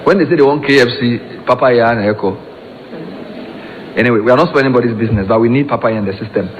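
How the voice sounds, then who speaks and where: A man's voice: mid-range voice, fast talker, lo-fi sound. A man with a Ghanaian accent emceeing a conference, introducing panelists with chatty, joking asides. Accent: Ghanaian English. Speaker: master of ceremonies. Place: conference hall. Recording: reverberant hall with faint room noise.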